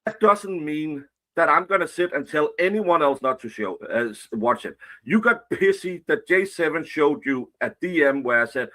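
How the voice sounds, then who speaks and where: A man rants angrily in a played clip, swearing and confronting his critics. His voice is bright and edgy, set a little high for a man. He talks at his critics head-on. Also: lively intonation, moderate pace, hardly any pauses. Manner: angry, profane and confrontational. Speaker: online commentator. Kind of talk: angry rant.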